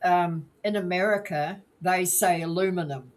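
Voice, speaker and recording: A woman's voice: on the low side, a little slow. A woman co-hosting a podcast, patiently explaining how words are pronounced in casual chat. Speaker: podcast co-host.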